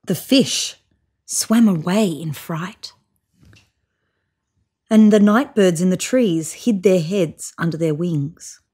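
A woman reading a children's picture book aloud, telling it expressively and slowing down for suspense. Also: on the low side, mellow, husky. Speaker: storybook reader.

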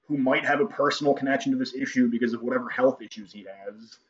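A man's voice: medium pitch, fairly even intonation, fast. A man hosting a response video, talking in a sarcastic, dismissive way and swearing now and then. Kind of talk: casual commentary on a clip. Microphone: cheap microphone. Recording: lo-fi microphone.

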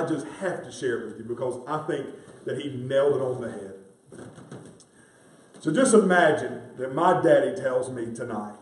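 Emphatic preacher in a roomy sanctuary. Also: male voice, medium pitch, darkish tone. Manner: emphatic, repeats key phrases, addresses the congregation as friends. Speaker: pastor. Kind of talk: sermon. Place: church sanctuary. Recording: roomy sound from a distant mic.

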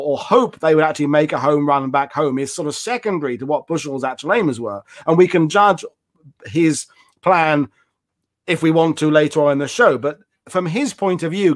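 A man hosting an interview, talking casually and repeating words as he thinks. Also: on the high side. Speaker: host.

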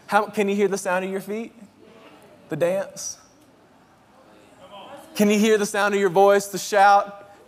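A man in his thirties preaching in a church, telling a story with deep emotion and shouting out his kids' voices. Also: unhurried, long pauses. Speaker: pastor. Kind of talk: sermon. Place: church sanctuary. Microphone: handheld mic. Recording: long hall reverb in a church.

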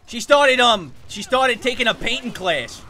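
Brash, bright-voiced Scout. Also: male voice, very high-pitched, animated, measured pace, full character voice. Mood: cocky. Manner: boastful, rambling, goofy. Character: brash cocky young man, a fast-talking shooter-game runner. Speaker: streamer. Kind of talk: in-character game voice chat.

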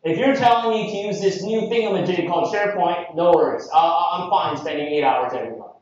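Man playing a dismissive old accountant, set in his ways, high voice, distant dull sound. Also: quick pace, close to an everyday voice. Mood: stubborn. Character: older male accountant near retirement, stubborn. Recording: echoey hall from far off, dull.

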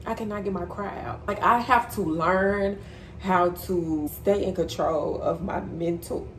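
A woman's voice: fairly low pitch, a little slow, slight background noise. A young woman vlogging at home, talking candidly and chattily to her viewers in a slangy, casual way. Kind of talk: casual chat to camera. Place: bedroom floor at home.

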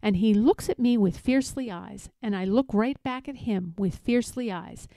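A woman's voice: medium pitch, normal speed, gravelly, dry recording. Playful woman reading a storybook aloud. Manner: playful, expressive, emphatic. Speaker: read-aloud narrator. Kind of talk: reading a children's picture book aloud.

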